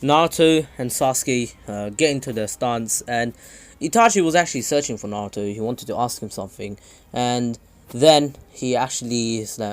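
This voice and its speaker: A man's voice: medium pitch, normal speed. Casual rambling young-sounding male storyteller. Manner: loose and rambling, with many ums and restarts. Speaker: channel host. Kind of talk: casual retelling of a fan story.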